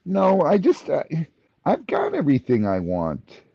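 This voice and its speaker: A man's voice: fairly high pitch, wildly swooping pitch, measured pace, creaky, mellow, slightly rough, dry recording. A man on a casual live podcast chat, speaking in a matter-of-fact, stubborn way. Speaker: podcast co-host. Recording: dull dry sound.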